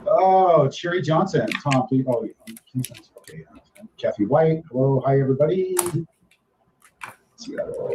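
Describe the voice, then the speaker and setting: A man's voice: mid-range voice, dark tone, echoey room, highs cut off, a little hiss or hum. A man hosting a live stream from the Philippines, rambling casually and greeting his viewers one by one. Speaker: livestream host. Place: home in the Philippines.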